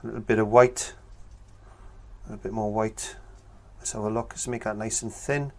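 A man's voice: fairly low pitch, flat delivery, normal speed, a little hiss or hum. A man teaching a painting tutorial, chatting casually and thinking aloud as he works. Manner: chatty, thinks aloud with fillers while working. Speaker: painting instructor.

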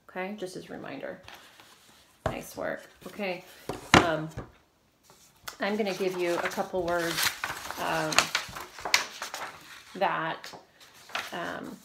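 A woman's voice: on the low side, vocal fry, roomy sound. A woman teacher leading a recorded phonics lesson, giving patient, encouraging, step-by-step prompts.

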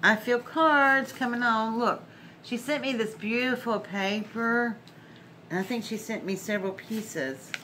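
A woman chats through a casual crafting vlog at home. She gushes and laughs often. Her voice is bright and a little tense, with faint background hum. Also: on the high side, a little slow. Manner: effusive, gushing, laughs often. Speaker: crafting channel host.

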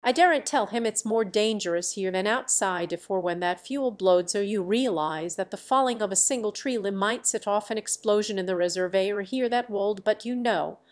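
A woman's voice: medium pitch, normal speed, hardly any pauses, natural voice. A woman reading an audiobook, voicing a grim, controlled male sector chief who speaks dryly and precisely. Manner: dry, icy, precise.

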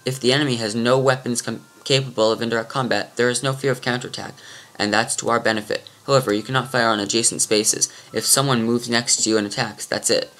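Male gameplay host, mid pitch, casual and offhand. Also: fairly even intonation, fast talker, fairly bright tone. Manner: offhand, mumbling asides, trails off. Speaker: let's play host. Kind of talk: casual game commentary and reading tutorial text.

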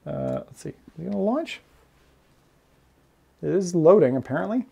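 A man's voice: high-pitched, very animated, normal speed, vocal fry, mellow, breathy edge. A man streaming a VR game, chatting casually and reading viewer messages aloud. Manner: rambling, chatty, reads chat aloud. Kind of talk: casual live-stream chat.

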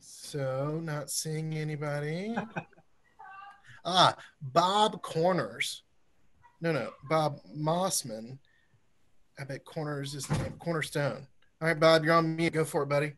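A man's voice: fairly high pitch, takes it slowly, long pauses, fairly bright tone, a little hiss or hum. A man hosting a church forum over a video call, guiding participants in a friendly, coaxing way. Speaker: forum host.

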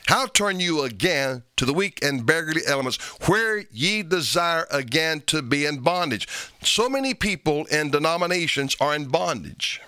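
Forceful, bright-voiced male preacher. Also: a little high, expressive, normal speed, clear, resonant tone, no echo. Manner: emphatic preaching with sharp rises on repeated phrases; reads scripture aloud in old-fashioned wording. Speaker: pastor. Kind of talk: sermon.

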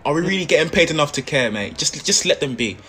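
A man's voice: a little high, animated, fast, pushed and bright, slight background noise. A man playing a bored young store security guard in a comedy skit, laid-back and gossipy.

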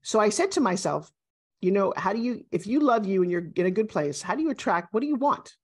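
A woman in her sixties, a guest, talking in an emphatic, animated and self-assured way in a motivational interview. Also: mid-range voice, fairly quick. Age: 60s.

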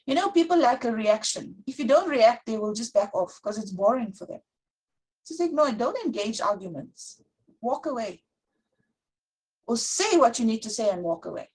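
A woman giving an earnest Bible teaching, slowing down as she reads scripture aloud. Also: fairly high pitch, very animated, a little mellow, breathy edge, poor audio. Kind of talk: sermon teaching.

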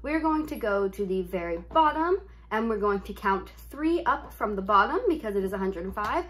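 A young woman gaming YouTuber chats casually over her gameplay, rambling with lots of filler words and heavy use of "like". Her voice is medium-pitched, expressive and a bit bright, at a moderate pace.

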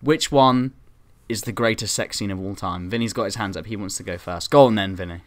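A man's voice: fairly low pitch, a little fast. A young man hosting a podcast, chatting casually in a laid-back way. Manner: laid-back, lots of "like" and restarts. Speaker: podcast host. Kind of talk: casual chat.

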